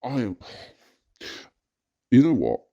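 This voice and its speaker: A man's voice: mid-range voice, huge pitch swings, slow, creaky, dark tone, muffled recording. A distressed man recording an anonymous personal rant, hesitant with many fillers and breaking into agitated outbursts. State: distressed and frustrated. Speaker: anonymous poster venting about family life.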